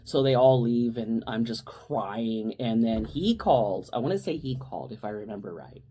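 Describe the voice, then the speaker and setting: A woman's voice: rumbling low, expressive, moderate pace, dark tone. A woman co-hosting a podcast, telling a personal story in casual chat and rambling with restarts and asides. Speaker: podcast co-host.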